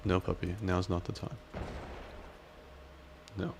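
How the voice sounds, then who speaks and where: A man casually commenting on his gameplay and chatting with his viewers in a relaxed way. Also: low voice, slow pace, creaky, background noise. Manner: relaxed, chatty, talks to chat. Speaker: game streamer.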